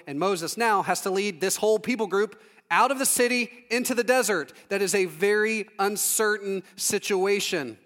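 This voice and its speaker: High-voiced male preacher in a reverberant hall. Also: moderate pace. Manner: conversational and humorous, with lively acted-out asides. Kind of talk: storytelling sermon.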